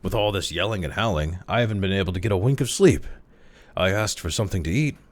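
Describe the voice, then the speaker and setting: A man's voice: animated, quick pace. A man reading aloud voices a querulous old man, newborn in body but seventy in age, with a cracked, ancient, whining voice. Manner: complaining, shrill when protesting.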